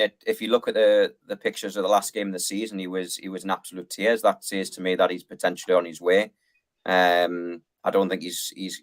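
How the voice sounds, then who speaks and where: Low-voiced man giving football opinions. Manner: rambling opinions, fillers like "um". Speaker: guest pundit. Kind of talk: casual football chat.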